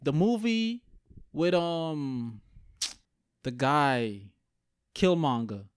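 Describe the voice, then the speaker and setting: A young man with a slightly raised voice in casual, profane chat, ranting with real heat. He sounds close to the mic in a dry space with no room echo. His delivery is animated and blunt. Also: fairly high pitch, drawn-out words, smooth.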